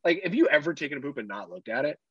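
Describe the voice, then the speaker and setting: A man's voice: a little high, very fast, breathy edge, no echo, highs cut off. A man in his thirties co-hosting a podcast in casual chat, telling stories about his daughter with lots of swearing. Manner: profane, animated storytelling. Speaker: podcast co-host.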